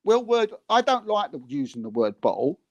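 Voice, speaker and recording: A man's voice: sits high, big pitch swings, moderate pace, dry recording. Heated, rambling man. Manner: rambling, repeats words, heated and mocking. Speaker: podcast co-host. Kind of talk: casual football chat.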